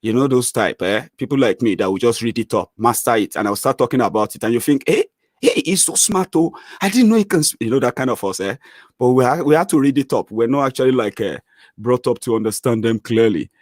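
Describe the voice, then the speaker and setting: Brief: Nigerian man, Yoruba accent, mid-pitched, lively chatty vlogger, dry close sound. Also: fast, no echo. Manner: animated, chatty, many fillers, lively rising swings. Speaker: channel host. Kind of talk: casual commentary monologue.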